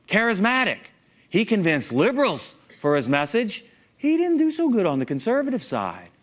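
A man giving a conference keynote talk, self-mocking and lively, putting many questions to the audience. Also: medium pitch. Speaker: keynote speaker.

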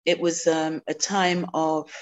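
A woman from South Africa, a guest answering interview questions thoughtfully, with many pauses and ums. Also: deep voice, level tone.

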